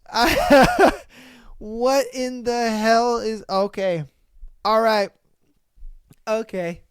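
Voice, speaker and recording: A man hosting a casual podcast, reacting to listener posts with profane disbelief and loud bursts of laughter. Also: extremely high pitch, big pitch swings, very slow, pauses often, clear, resonant tone, no echo, studio quality. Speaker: podcast host.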